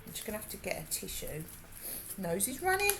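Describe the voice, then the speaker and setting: A woman's voice: medium pitch, huge pitch swings, brisk, gravelly, over music. A woman with a Birmingham accent, chatting casually and laughing while she works on a craft during a livestream. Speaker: livestream host.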